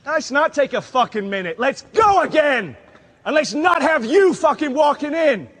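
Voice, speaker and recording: A man voicing a furious, ranting male director who swears and yells. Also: very high-pitched, sing-song, moderate pace, heavily acted.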